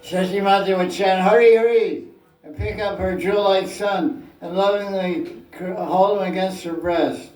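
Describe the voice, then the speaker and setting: A man's voice: sits high, fairly even intonation, moderate pace, few pauses, darkish tone. Man teaching a scripture class, jokey storyteller, roomy echo, mic far away. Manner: playful storytelling, acting out scenes. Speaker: spiritual teacher. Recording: echoey room, distant mic.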